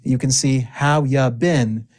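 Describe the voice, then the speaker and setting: A man teaching spoken English, drilling phrases for the viewer to repeat, with deliberate pauses and playful asides. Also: mid-range voice, darkish tone.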